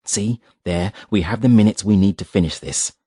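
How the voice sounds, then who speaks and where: A man voicing a cold, measured man of war, speaking slowly and with quiet menace in an audiobook reading. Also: on the low side, breathy edge, no echo, clean studio sound.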